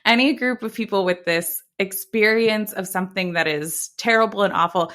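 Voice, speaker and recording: A woman's voice: medium pitch, moderate pace, fairly bright tone. A woman hosting a podcast, asking thoughtful questions in a mid-range voice. She is affirming and supportive toward her guest. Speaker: podcast host. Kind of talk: casual podcast interview.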